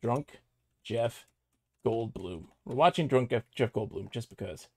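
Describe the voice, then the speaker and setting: A man's voice: medium pitch, lively intonation, unhurried, a little mellow, dry recording. A man streaming games live, chatting casually to his viewers in a giggly, rambling way.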